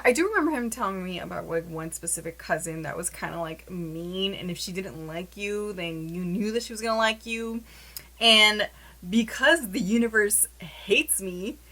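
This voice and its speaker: Chatty bright-voiced young woman. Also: on the low side, rough recording. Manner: chatty, animated, lots of "like" fillers. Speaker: vlogger telling a story. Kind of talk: casual storytime chat.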